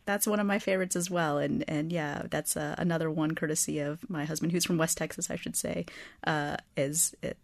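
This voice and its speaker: A woman's voice: low-pitched, fairly even intonation, a little fast, creaky, no echo. A woman author answering callers on a radio call-in show, thoughtful and hesitant, with many fillers. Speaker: guest author.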